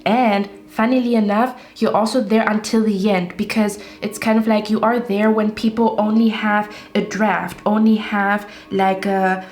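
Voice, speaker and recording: A woman's voice: medium pitch, level tone, unhurried, a little mellow. A woman giving a casual tarot reading straight to her viewers, rambling and reassuring as she talks. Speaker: tarot reader.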